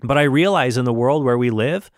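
A man's voice: mid-range voice, a little fast, dry recording, clean studio sound. A man hosting a Christian podcast, talking solo in an earnest, reasoning way, with frequent restarts.

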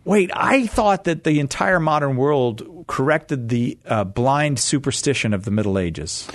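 A man's voice: mid-range voice, animated, measured pace, no room sound, clean studio sound. A man hosting a quiz show, reading true-or-false questions and teasing his guest with mock-naive remarks. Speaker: quiz host. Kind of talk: playful quiz banter.

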